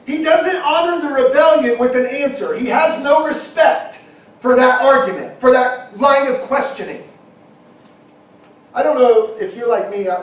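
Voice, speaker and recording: High-pitched preacher in an echoey hall. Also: male voice, moderate pace, recorded from a distance, a little hiss or hum. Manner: emphatic, rising to shouts, acting out quoted objections. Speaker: pastor. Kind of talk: sermon. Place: church hall.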